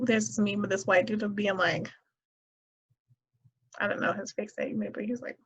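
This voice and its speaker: Husky-voiced woman chatting on a podcast. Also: medium pitch, fairly bright tone. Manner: chatty, storytelling, many fillers. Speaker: podcast host. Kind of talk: casual solo podcast chat. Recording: dull lo-fi recording.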